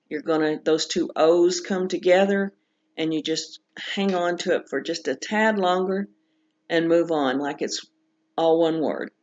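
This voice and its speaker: A woman teaching pronunciation in a recorded lesson, patiently walking through examples and repeating each one slowly. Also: low-pitched. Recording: dull lo-fi recording.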